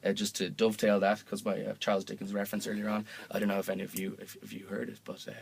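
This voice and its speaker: A young man hosting a homemade mock radio show, rambling through comic patter in an offhand, deadpan way with lots of fillers and self-corrections. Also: lowish voice, very fast, gravelly, husky.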